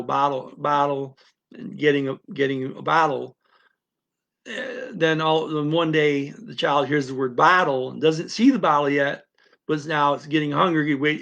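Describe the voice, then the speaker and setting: Gravelly-voiced man explaining, rambling. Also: on the high side, a bit bright. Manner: rambling, repetitive, with frequent restarts and asides; acts out what a parent or a baby's mind says. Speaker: language-learning teacher. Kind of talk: unscripted explanatory talk.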